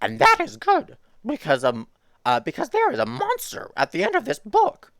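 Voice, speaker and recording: A woman voicing a furry male monster puppet from a storybook, anxious and pleading in a high, strained voice. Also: wildly swooping pitch, moderate pace, creaky, fairly bright tone, no room sound, exaggerated voice. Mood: worried.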